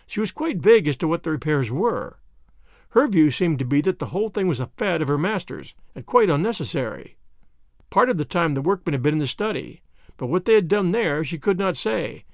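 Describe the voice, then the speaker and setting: A man narrating a detective story as an audiobook, measured and expressive. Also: on the high side, no echo, studio quality.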